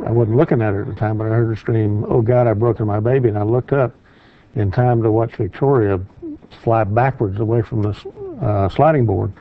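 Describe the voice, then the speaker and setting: An older man, a grandfather, giving a measured, factual eyewitness account as a TV guest. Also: on the low side, steady tone, gravelly. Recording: tinny phone-like sound with faint noise.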